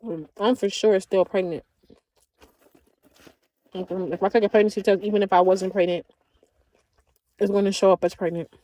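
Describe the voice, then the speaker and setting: A woman's voice: mid-range voice, fairly even intonation, moderate pace, pauses often, warm tone, no echo. A woman livestreaming in a casual chat, drawling and talking back to her viewers.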